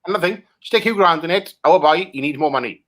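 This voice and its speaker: A Welsh man in improvised comedy chat, swearing and ranting crudely as he tears into film pitches. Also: fast talker, fairly bright tone. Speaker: comic guest critiquing film pitches.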